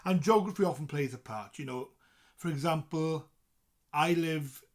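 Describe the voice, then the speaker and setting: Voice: medium pitch, normal speed. A presenter from South Wales with a South Welsh accent, explaining things in a chatty, casual way and reading points from a list with asides.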